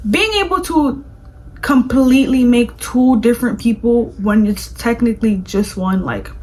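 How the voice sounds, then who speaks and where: A woman vlogger reviewing a movie in casual chat, gushing and animated, with lots of "like". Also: fairly high pitch, rough recording. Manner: gushing, animated, fills speech with "like".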